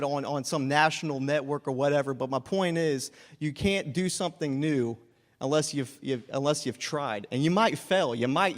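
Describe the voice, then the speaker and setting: A young man telling an earnest personal testimony as a guest speaker in a church, restarting his phrases often. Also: medium pitch. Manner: earnest, storytelling, frequent restarts. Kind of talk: sermon testimony. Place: church sanctuary. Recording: long church reverb.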